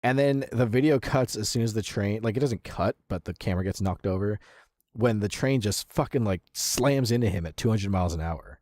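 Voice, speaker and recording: A young man streaming, giving casual reaction commentary, excitable and profane, laughing often. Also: lowish voice, brisk, no room sound, clean studio sound.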